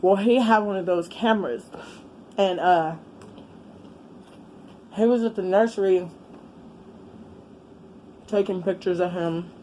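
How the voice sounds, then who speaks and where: Mellow-voiced woman telling a candid story. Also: lowish voice, takes it slowly, pauses often, low-quality recording. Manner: rambling, candid storytelling with frequent swearing and fillers. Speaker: vlogger. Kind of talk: casual story time while eating. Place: indoors with a fan running. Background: faint fan hum.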